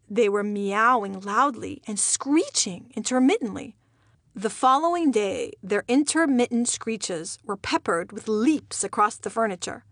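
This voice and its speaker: A woman's voice: on the high side, no echo. A woman from Iran reading her own memoir aloud with a wry, dry humor. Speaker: memoir narrator. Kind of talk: audiobook memoir narration.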